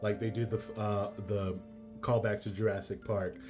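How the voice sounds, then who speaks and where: A man's voice: lowish voice, flat delivery, normal speed, music in the background. A man giving a casual spoken movie review, rambling with many fillers and exasperated asides.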